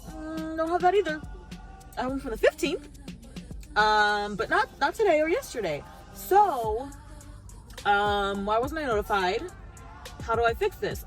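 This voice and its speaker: A high-voiced woman telling a story to her vlog audience as a casual rant. She acts out each back-and-forth, playing both herself and the people she dealt with. Faint music plays underneath. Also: moderate pace. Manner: animated, acts out both sides of conversations. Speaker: vlogger.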